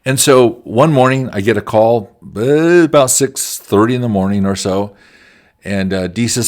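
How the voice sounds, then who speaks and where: Here a man with a medium-pitched voice speaks at a moderate pace, using tales from his work to explain quality management. He keeps the storytelling lecture relaxed and conversational.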